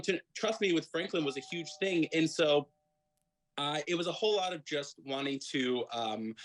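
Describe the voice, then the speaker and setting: A man's voice: mid-range voice, fairly bright tone, low-quality recording. A man, an actor guesting on a podcast interview, talking in a rambling way with lots of restarts. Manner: rambling, full of restarts and fillers. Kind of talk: casual interview chat.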